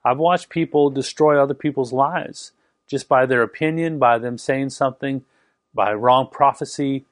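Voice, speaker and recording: A man who grew up in Canada preaches in a relaxed, conversational way, slipping personal stories into his teaching. His voice sits in a middle register, and the recording is dry and close, with no room sound. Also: medium pitch, normal speed, no echo. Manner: storytelling, animated retelling, conversational asides. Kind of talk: sermon with personal story.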